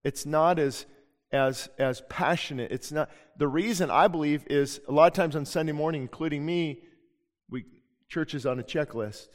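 A man's voice: fairly high pitch, normal speed. A man preaching as a pastor, earnest and emphatic, often restarting his sentences. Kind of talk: sermon. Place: church sanctuary. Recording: long reverb of a church hall.

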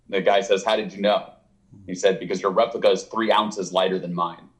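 Here the author guest has a deep voice and a fairly quick pace. It's a casual interview, and he spins a long, rambling tale, animatedly acting out the things people said while laughing.

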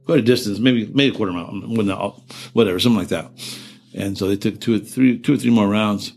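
A man's voice: fairly low pitch, fast talker, creaky, darkish tone, a little hiss or hum. An older man, a veteran, telling war stories in an oral history interview, rambling and profane, trailing off into restarts and laughing through grim memories.

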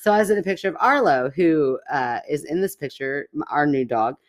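Deep-voiced woman rambling on a podcast, like like like. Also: animated, a little fast. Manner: rambling, lots of "like" fillers. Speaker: podcast co-host. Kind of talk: casual chat.

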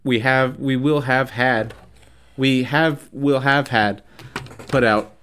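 A man's voice: medium pitch, steady tone, takes it slowly, a bit bright, slight background noise. A man hosting a podcast in casual chat, rambling, tripping over his words and laughing often. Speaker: podcast host.

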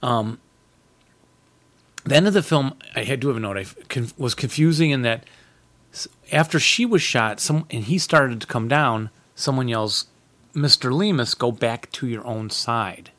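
A man co-hosting a podcast, talking casually about a film, chatty and quick to laugh. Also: mid-range voice, fairly bright tone. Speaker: podcast co-host. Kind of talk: casual chat.

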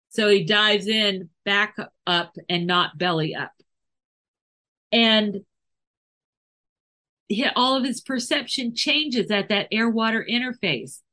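A woman hosting a podcast about animal training talks slowly and carefully through her points. Her voice has a bright, clear edge, and she explains her ideas with examples, sometimes restarting a phrase. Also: medium pitch. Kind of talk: casual explanatory podcast talk.

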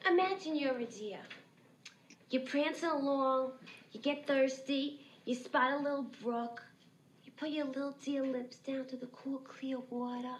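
An actress playing a brash, fiery young woman from a film, speaking with a Northeast US accent and a sharp, emphatic delivery. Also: high voice, a little slow, a little hiss or hum. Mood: mocking calm. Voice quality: sharp, emphatic, swearing freely. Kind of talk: film dialogue.

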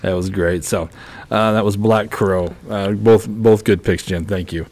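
Man, podcast host, lowish pitch, casual chat, brisk segues, quick reactions. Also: fairly even intonation, a little mellow.

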